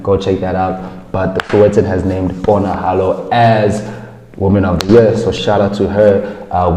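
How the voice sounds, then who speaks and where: Man, South African, low voice, mellow tone, blunt casual talk, roomy echo with long reverb. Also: slight background noise. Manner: blunt and animated, swearing, quick asides. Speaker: podcast host. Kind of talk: casual opinion chat. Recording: echoey room with long reverb.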